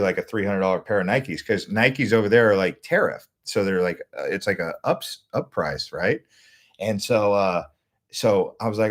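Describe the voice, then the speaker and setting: Low-voiced man telling a story. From United States. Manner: rambling, loose delivery, many "like" fillers and restarts. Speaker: travel vlogger. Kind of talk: casual storytelling.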